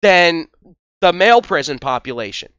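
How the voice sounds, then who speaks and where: A man's voice: a little high, animated, normal speed, a bit bright, smooth, dry recording, lo-fi sound. A man hosting a commentary video, talking in a crude, scornful, mocking way. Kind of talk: profane reaction commentary.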